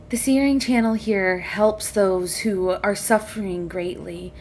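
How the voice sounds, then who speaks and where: A woman's voice: mid-range voice, takes it slowly, darkish tone, slight background noise. A woman narrating a tabletop game as game master, voicing the characters in a playful way. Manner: playful, plays non-player characters.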